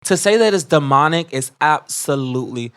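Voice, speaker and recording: A fired-up man sounding off on a casual podcast. He curses freely, keeps circling back to his point, and now and then jumps to loud, high bursts of outrage. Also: lively intonation, normal speed, smooth. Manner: fired-up, profane ranting with sudden loud bursts. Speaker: podcast co-host. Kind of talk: heated casual commentary.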